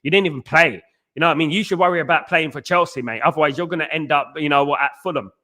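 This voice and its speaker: A man hosts a casual football fan chat, thinking out loud and restarting sentences as he goes. His voice sits a little high and has a bright, forceful edge. He reads viewers' messages into a close desk mic. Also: rapid-fire. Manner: rambling, restarts often, frequent "mate" and "you know what I mean". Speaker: podcast host reading live chat.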